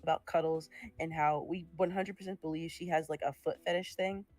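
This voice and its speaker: A woman's voice: low-pitched, fairly even intonation, brisk, a little mellow. A young woman chatting casually while drawing on a stream, laughing and swearing now and then. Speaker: streamer making art.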